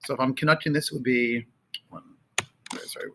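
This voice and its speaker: A man teaching a choir, talking casually and singing out phrases slowly to show how they go. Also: medium pitch, steady tone, sharp tone, slight background noise. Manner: sings and chants phrases slowly to demonstrate; conversational with fillers. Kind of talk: choral rehearsal instruction. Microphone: camera, sometimes moving off it.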